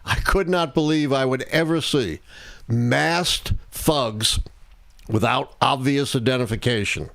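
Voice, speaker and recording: Older man, measured historian on live talk. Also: mid-range voice, gravelly, fairly bright tone, no echo. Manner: deliberate, measured explanations. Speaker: historian and show host. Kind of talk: live-stream political talk.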